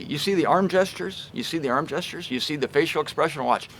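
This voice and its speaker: A man giving a casual, emphatic Bible teaching talk with a wry, lively delivery. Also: on the high side, fairly quick, slight background noise. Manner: emphatic and wry, shifts pace and loudness a lot.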